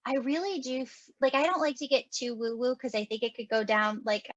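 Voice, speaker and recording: In a brisk, slightly high voice, a woman podcast host and medium chats casually, animatedly telling a story and acting out quoted dialogue with laughs. The audio is muffled, with no echo.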